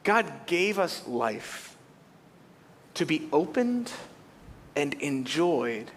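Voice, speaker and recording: A man's voice: a little high, very animated, drawn-out words, a little hiss or hum. A middle-aged man preaching a sermon in a church, telling stories with humor and animation. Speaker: pastor. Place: church auditorium. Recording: long church hall reverb.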